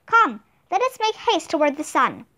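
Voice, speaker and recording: A brave young man speaking in stately old-fashioned phrases, as a woman reader puts him on. He sounds brisk and eager. His voice is fairly high and lively. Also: heavily acted. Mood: formal. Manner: formal, brisk. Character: bold young knightly man, formal.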